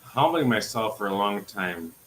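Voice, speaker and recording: A young Filipino man with a Filipino accent, calling into a live stream, angry and swearing, bursting into shouts. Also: fairly low pitch, lively intonation, moderate pace, a little hiss or hum, low-quality recording. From Philippines. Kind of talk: heated live stream call-in.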